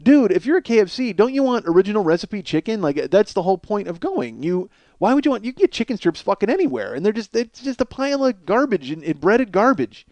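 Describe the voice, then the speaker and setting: A man hosting a comedy podcast, with a cold sore on his face, talks fast in a high-pitched, sing-song voice with a darkish tone, hardly pausing at all. His comic monologue is a rambling, profane story at his own expense, and he laughs at his own jokes. The recording is dry.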